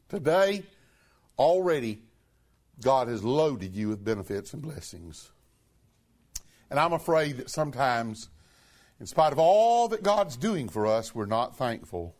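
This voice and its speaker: A man preaching a sermon to his congregation, emphatic and earnest, swinging between loud high stresses and low quiet phrases. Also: big pitch swings, a little slow.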